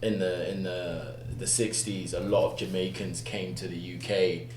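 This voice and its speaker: A man from the United Kingdom, an actor guest explaining things calmly in a relaxed interview. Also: low-pitched, normal speed. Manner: calm, explanatory, lots of fillers. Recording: echoey room with background hum.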